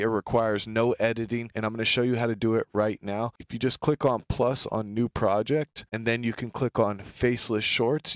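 A man hosting a software tutorial, walking through each step in an easygoing, explanatory way. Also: mid-range voice, no room sound, studio quality. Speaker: tutorial host. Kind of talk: screen-recording walkthrough.

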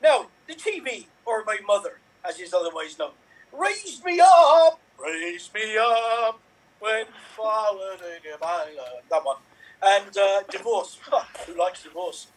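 A high, bouncy Irish Canadian chap, as an improv player puts him on, swinging all over his range with a cheeky, sing-song lilt. The voice is husky and sits a little away from the mic. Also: expressive, normal speed. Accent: put-on Irish. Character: cheery Irish Canadian man raised by TV. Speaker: improv performer. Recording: distant from the mic.

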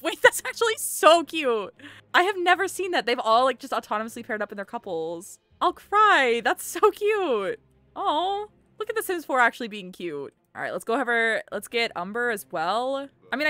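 A young woman giving casual gameplay commentary, excitable and gushing, swearing casually. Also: mid-range voice. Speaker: gaming YouTuber.

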